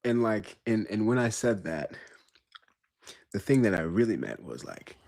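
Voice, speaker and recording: A man's voice: on the low side, expressive, measured pace, creaky, darkish tone, dry recording, clean studio sound. A laid-back young man co-hosting a casual podcast, talking loosely with lots of slang. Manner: laid-back, lots of bro and like, laughs often. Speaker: podcast co-host. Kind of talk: casual chat.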